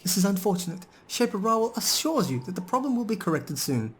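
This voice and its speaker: Golem guardian's second voice, stiff and announcer-like, high, put on by a man. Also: big pitch swings, fast talker, slight background noise. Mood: formal.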